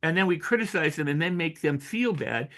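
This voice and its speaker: An older man, an author and coach, talking in an interview with animated storytelling, acting out quoted voices and often restarting his sentences. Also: a little high, fairly quick. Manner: frequent restarts and repetitions. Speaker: author and personal growth coach. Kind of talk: interview conversation.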